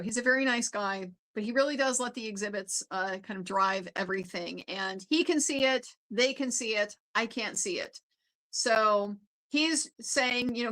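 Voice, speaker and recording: A woman's voice: medium pitch, pushed and bright, low-quality recording. Chatty American woman recapping a trial. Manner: chatty, laughs often, many fillers. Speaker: legal commentator. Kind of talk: casual trial recap commentary.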